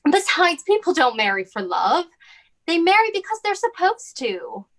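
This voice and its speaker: A woman acting a gentle, caring older sister who speaks in a soft, motherly and soothing way in a stage drama. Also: extremely high pitch, sing-song, normal speed, exaggerated voice. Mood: tender advice.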